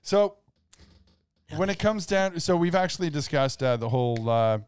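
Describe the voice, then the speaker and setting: A man's voice: fairly high pitch, animated, moderate pace, darkish tone, clean tone. A man co-hosting a podcast, explaining theories in a loose, rambling way. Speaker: podcast co-host. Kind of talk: casual podcast banter.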